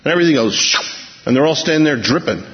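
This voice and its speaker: A man's voice: a little high, animated, racing, background noise. Man preaching in a big echoing hall. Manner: storytelling, acts out quotes with shifting pace and volume. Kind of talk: sermon. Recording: dull, muffled sound in a long-reverb hall.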